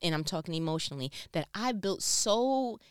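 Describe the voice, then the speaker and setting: A woman from New York tells a casual story to camera, with a smooth, clear voice. Her delivery is emphatic and expressive, and she slips into other people's voices as she goes. The sound is dry and close, with no room around it. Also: on the low side, normal speed, dry recording. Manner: emphatic and expressive, acts out voices, laughs between lines. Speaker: storyteller recounting a work conflict.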